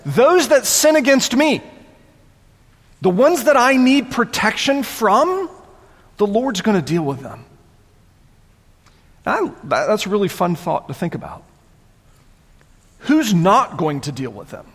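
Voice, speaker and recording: A man preaching a sermon as pastor, conversational and animated, often repeating words as he goes. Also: high-pitched, slow, long pauses, slightly rough, long reverb tail.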